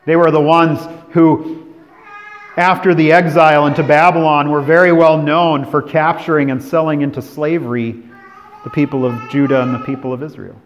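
A man from California preaching a sermon as pastor, moving between emphatic declarations and hushed, drawn-out phrases. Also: a little high, steady tone, slight background noise. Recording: long hall reverb.

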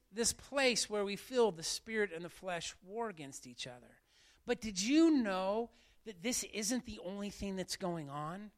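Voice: mid-range voice, a bit bright. A pastor preaching a live sermon to a church congregation, emphatic and fond of repeating key phrases.

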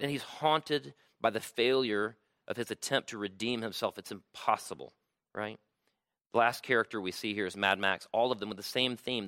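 Man, preacher, sermon, casual talky delivery, bright tone, dry sound. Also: on the low side, no echo. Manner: conversational, frequent "right?" tags. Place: room with audience.

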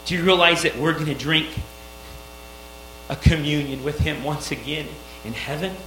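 A man's voice: a little high, steady tone, moderate pace. A male pastor preaching a sermon, emphatic and rising on key phrases. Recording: echoey room with mains hum.

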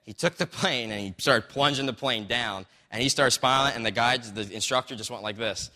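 A pastor preaching a sermon in a conversational, storytelling way, recorded in a church sanctuary. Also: male voice, medium pitch, a little fast, pushed and bright. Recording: long reverb of a large hall.

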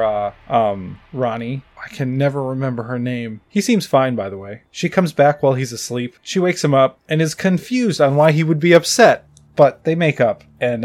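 A man's voice: a little high, a little mellow. Rambling, profane young-sounding man. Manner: profane, rambling, frequent "like" fillers. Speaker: movie recapper. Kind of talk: casual movie recap.

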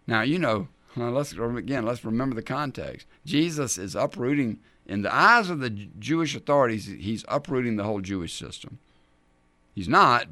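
A man teaches scripture on his show with real animation, acting out the people in each story as he goes. His voice sits at a middle pitch but rises and falls a great deal. The sound is dry and close, with no room echo. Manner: animated, acts out the scripture scenes in character voices. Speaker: men's ministry teacher and show host. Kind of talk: Bible teaching.

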